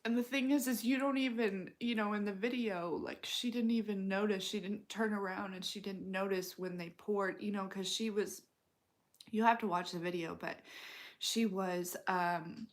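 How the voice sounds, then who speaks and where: A woman giving a casual intuitive reading, talking in a slow, rambling way with many fillers. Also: mid-range voice, fairly even intonation. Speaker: intuitive reader. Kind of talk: casual spoken tarot-style reading.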